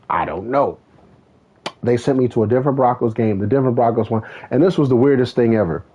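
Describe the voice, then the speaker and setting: A man's voice: medium pitch, a little fast, breathy edge. A man streaming a racing game, chatting casually and telling a rambling story with lots of swearing. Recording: tinny phone-like sound.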